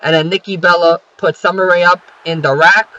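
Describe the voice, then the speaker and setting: Young guy, casual swearing recapper, fillers galore; slightly high, dull home mic. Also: steady tone, a little fast, pushed and bright. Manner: rambling, many fillers and profanity. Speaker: wrestling show recapper.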